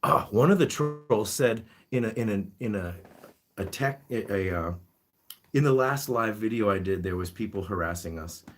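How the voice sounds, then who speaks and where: A man hosting a casual live-stream chat, reading viewer comments and talking to his guinea pigs. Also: lowish voice. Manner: chatty, reads comments aloud, talks to his pets.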